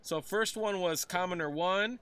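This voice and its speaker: Game master, male, slightly high and bright tone, casual and rambling delivery. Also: measured pace, clear, resonant tone. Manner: rambling, relaxed, many fillers. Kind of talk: casual tabletop game narration.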